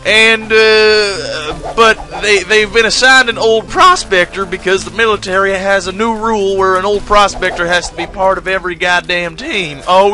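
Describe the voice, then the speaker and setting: Young male gaming commentator, sweary, high-pitched, quiet music bed. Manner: swears often, excitable.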